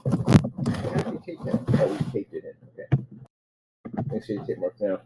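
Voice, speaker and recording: A man's voice: lowish voice, normal speed, long pauses, mellow, slight background noise. A man vlogging casually from an office room, rambling and chatting to himself and his pet.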